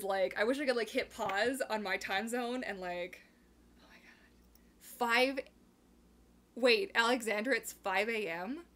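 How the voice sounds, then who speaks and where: A young woman from Canada hosting a casual live chat, bubbly and rambling, reading viewer comments aloud and breaking into quick laughs. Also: mid-range voice, a bit bright. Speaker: livestream host.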